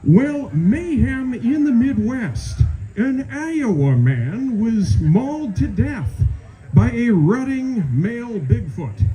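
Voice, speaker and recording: A man imitating a solemn male TV news anchor reading the evening news slowly and gravely. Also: extremely high pitch, big pitch swings, dark tone, voice pushed up, exaggerated voice, low-quality recording. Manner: slow, grave newsreader delivery.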